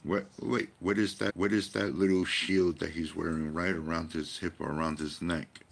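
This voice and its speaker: A man's voice: low voice, level tone, normal speed, gravelly. A man giving a rambling personal monologue, emphatic and profane, full of rhetorical questions. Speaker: vlogger.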